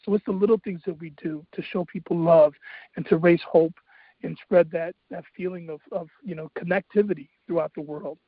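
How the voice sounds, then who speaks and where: Earnest man with a husky voice. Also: a little high, fairly even intonation, a little fast, no room sound. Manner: earnest, faith-driven, with many fillers. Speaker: radio show host. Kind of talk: casual storytelling on a talk show. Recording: dull, dry lo-fi radio sound.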